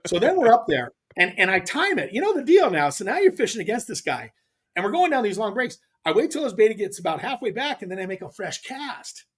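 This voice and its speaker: Man, middle-aged, from California, podcast guest, casual animated storytelling, slightly high voice, stumbles and restarts. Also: a little fast, breathy edge. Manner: animated, acts out others' lines, frequent restarts. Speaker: podcast guest, pro angler.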